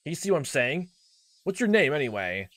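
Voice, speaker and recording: A man voicing an abusive, short-tempered middle-aged uncle who snaps and shouts in a raised, higher voice. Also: very animated, normal speed. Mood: angry, defensive. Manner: loud, snapping, bullying.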